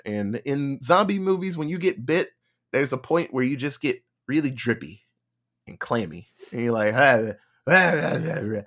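Animated man retelling a movie plot. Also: mid-range voice. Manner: animated retelling with acted-out quotes and laughter. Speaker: podcast co-host. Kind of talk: casual movie review chat.

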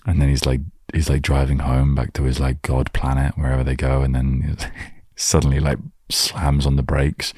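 A man with an extremely deep, husky voice chats on his solo podcast. He rambles, drifts into jokes and trails off mid-thought, and the recording is close and dry. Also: completely flat delivery, moderate pace, darkish tone, no echo. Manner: rambling, joking asides, trailing off. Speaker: podcast host. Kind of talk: casual solo podcast chat.

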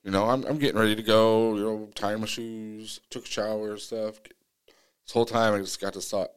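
A man's voice: a little fast, clean tone. A man on a podcast telling a personal story in casual, earnest talk, acting out his own side of the exchange. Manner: animated retelling, acting out his own pleas in a higher voice; earnest, many restarts and fillers. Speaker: podcast co-host.

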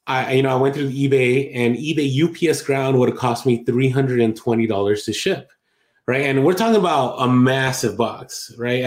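A man co-hosting a podcast chats casually at a middle pitch. He rambles and corrects himself mid-thought. His voice rings in an echoey room. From Latin America. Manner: rambling, self-correcting, chatty. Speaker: podcast co-host. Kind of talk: casual chat about online selling.

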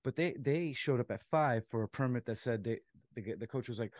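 A man, a softball umpire and co-host, telling a story in casual chat, laughing as he acts out what people said. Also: mid-range voice, brisk, no echo, studio quality. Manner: animated storyteller, laughs while acting out quotes.

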